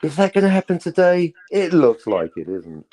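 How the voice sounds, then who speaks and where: With a slightly high voice at a moderate pace and no room sound, a man co-hosts a podcast. He passes the time with lively, teasing banter, casually chatting and joking at length.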